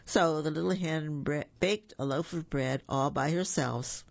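A storyteller reading children's stories aloud, with gentle chatty asides to the listeners. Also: mid-range voice, steady tone, measured pace, gravelly, hardly any pauses, no echo. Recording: muffled lo-fi recording.

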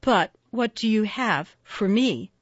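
A quiet old reindeer from a storybook, as a woman reads him, asking softly and pleadingly. The reading is slow and close, with a dry, slightly dull sound. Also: medium pitch, animated, dry recording. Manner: soft and pleading. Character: silent, wistful old male reindeer.

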